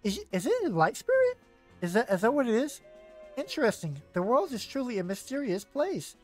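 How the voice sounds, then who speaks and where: A man's voice: very high-pitched, sing-song, brisk, faint music behind, pitched above the performer's own voice, full character voice. A man voicing a kindly, fussing old woman from a video game, reading her lines with playful relish. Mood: wondering. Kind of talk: reading game dialogue in a put-on voice.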